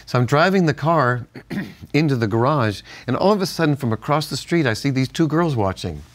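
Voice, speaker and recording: A man's voice: mid-range voice, animated, normal speed. An older man co-hosting a Bible-teaching chat, telling stories and laughing often. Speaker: co-host.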